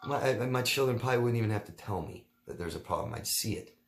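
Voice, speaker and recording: Blunt, emphatic man with a lowish voice. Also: animated, fast talker, gravelly. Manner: emphatic and blunt, repeats key words. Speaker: relationship coach answering viewer questions. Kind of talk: casual Q&A monologue.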